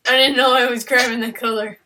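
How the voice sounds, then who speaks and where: A woman's voice: a little high, steady tone, fast talker, noisy background. A woman chatting casually while she draws, rambling playfully and talking to her dog between comments. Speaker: digital artist. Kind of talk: casual chat while drawing.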